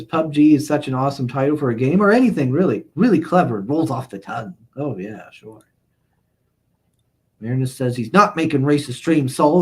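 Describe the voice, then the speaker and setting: A man's voice: medium pitch, a little mellow. A man hosting a livestream, chatting casually and reading viewer comments aloud, rambling and chuckling often. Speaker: livestream host.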